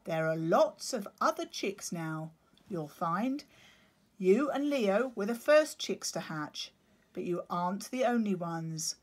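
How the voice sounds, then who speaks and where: A woman's voice: medium pitch, lively intonation, takes it slowly, a little mellow. A woman reading a story aloud, voicing a fussy, protective father penguin who scolds and explains.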